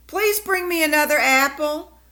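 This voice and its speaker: A woman's voice: high-pitched, normal speed, bright, forceful tone, voice pushed up. A woman voicing a strict but caring mother in a storybook, firm in tone. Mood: puzzled.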